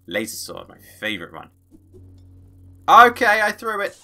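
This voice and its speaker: A man giving excitable, playful let's play commentary as a gaming channel host, tossing in his own sound effects. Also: high-pitched, moderate pace.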